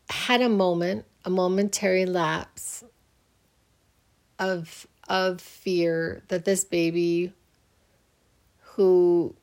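A middle-aged woman hosting a podcast, telling a personal story in a rambling, earnest, reflective way. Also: lowish voice. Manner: rambling, earnest, often restarts; faith-minded, reflective. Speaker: podcast host.

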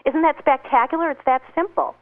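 A woman's voice: high voice, steady tone, fairly quick. A woman author giving upbeat advice in an interview, acting out little dialogues as she explains. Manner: upbeat, acts out quoted dialogue. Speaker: guest author. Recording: tinny phone line.

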